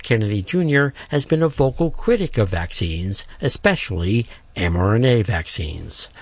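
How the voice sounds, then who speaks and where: A man news reporter reading a scripted radio report in a steady, informative way. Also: fairly low pitch, dry recording.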